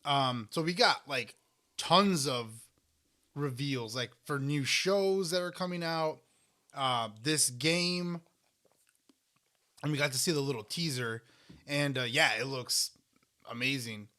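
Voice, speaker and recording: A male co-host of a casual eating podcast chats with food in his mouth, rambling and restarting as he goes. His mid-range voice sounds pushed and bright, and he speaks slowly with long pauses.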